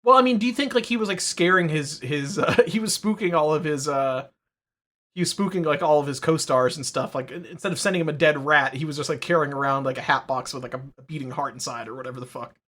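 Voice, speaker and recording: A man with a fairly high voice, chatting casually as a podcast co-host. He rambles and swears, trips over restarts and leans on lots of fillers. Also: quick pace, fairly bright tone. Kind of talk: casual chat.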